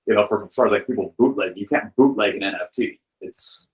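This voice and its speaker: Rambling storytelling man, lowish voice. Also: brisk, rough recording. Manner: rambling, animated storyteller, frequent "like" and "you know". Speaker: guest, film director and author. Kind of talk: casual podcast interview.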